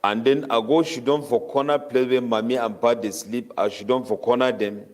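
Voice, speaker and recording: A man preaching a Ramadan tafseer sermon in Cameroonian Pidgin English, chanting Arabic verses rapidly between his explanations. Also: medium pitch, fairly even intonation, a little mellow.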